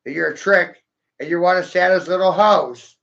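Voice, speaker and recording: Man, rambling profane vlogger with a fry in the voice, dull lo-fi audio. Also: high-pitched, moderate pace, a bit bright. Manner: profane, taunting, laughs at own jokes. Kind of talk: rambling vlog monologue.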